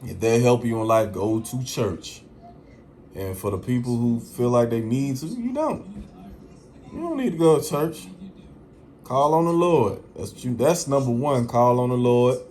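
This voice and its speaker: A man's voice: medium pitch, animated, unhurried, darkish tone, slight background noise. A man talking casually to his audience, slangy and emphatic, swearing freely and repeating phrases for emphasis. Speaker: vlogger. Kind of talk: casual monologue to camera.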